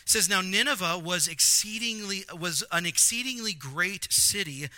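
Man, pastor, sermon, very bright voice, dry close sound, jokey and emphatic. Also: sits high, normal speed, dry recording. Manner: animated, jokey asides, emphatic repetition.

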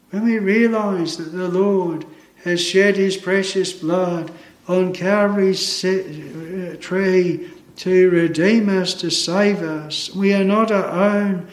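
A man pastor preaching a sermon in a chapel, earnest and solemn, quoting scripture slowly. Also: high voice, roomy sound, rough recording.

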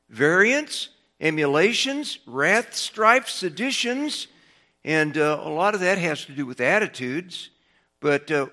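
A man preaching an evening Bible sermon with a bright, forceful voice that sits a little high for a man. He talks in a folksy way with fillers, rising hard on lists of words and then falling back low. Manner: rises in pitch and volume to stress lists of words, then drops low. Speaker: pastor.

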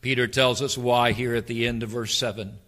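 Impassioned male preacher, bright tone. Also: mid-range voice, little pitch movement, moderate pace. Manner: impassioned preaching, dropping to near-whispers and rising to fervent climaxes. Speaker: pastor. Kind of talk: sermon.

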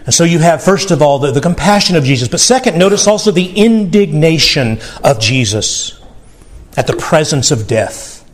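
A man's voice: a little high, lively intonation, normal speed. Earnest pastor man, tender sermon voice. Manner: earnest, tender, repeats words when emphasizing.

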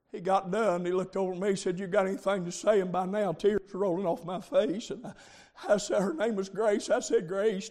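A man preaching a revival sermon, moving from quiet storytelling to loud shouting. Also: high voice. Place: camp meeting with congregation. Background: congregation calling amens.

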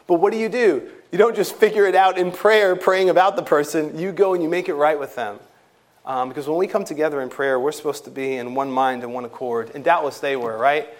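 Man, pastor, sermon in a church, earnest, emphatic, slightly higher voice. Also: fast. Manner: earnest, emphatic preaching with fillers and rising intensity on key points.

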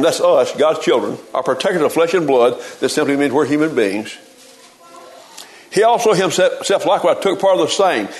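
A man's voice: a little high, low-quality recording. A man preaching a sermon in a folksy, emphatic way, often repeating words as he gets going.

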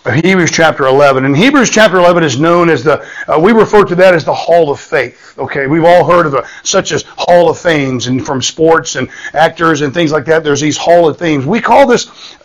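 A man's voice: fairly high pitch, expressive, normal speed, poor audio. A man, preaching a sermon in a folksy storytelling manner, often repeating words and checking in with "okay?". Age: 50s.

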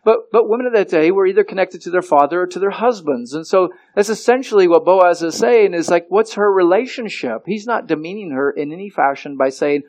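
A man preaching an expository sermon, often repeating words and slowing down to stress key phrases. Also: high-pitched, animated, a little mellow.

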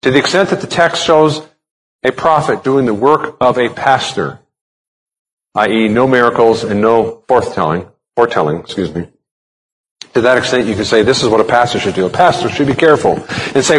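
A man's voice: medium pitch, animated, fairly quick, a bit bright. A man preaching a sermon as a pastor, explaining a text step by step and asking rhetorical questions. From United States.

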